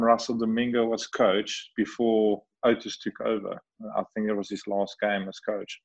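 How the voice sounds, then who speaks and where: A man's voice: on the low side, muffled recording. A man from South Africa, a guest talking casually and laughing easily in an interview from home. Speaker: guest cricketer. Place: home, remote call.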